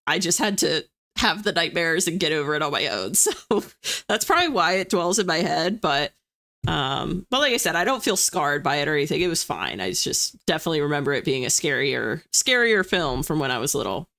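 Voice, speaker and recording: A young East Coast woman hosts a livestream, casually reading viewer comments and poking fun at herself. Her voice sits low with big pitch swings, fairly quick and a bit bright.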